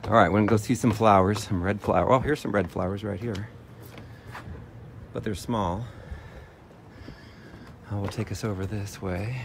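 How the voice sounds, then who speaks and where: A man giving a casual walking tour by a lake in a playful, chatty way, pausing often with "uh". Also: fairly low pitch, vocal fry. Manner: playful, chatty, with frequent "uh" pauses. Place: outdoors by a lake. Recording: outdoor background noise.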